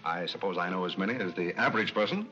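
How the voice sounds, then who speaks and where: An actor playing a polite, composed butler who speaks calmly and courteously, in 1930s film style. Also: male voice, low-pitched, faint music behind. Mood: deferential. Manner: calm, courteous, measured. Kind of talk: 1930s screwball film acting. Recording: muffled 1930s film soundtrack.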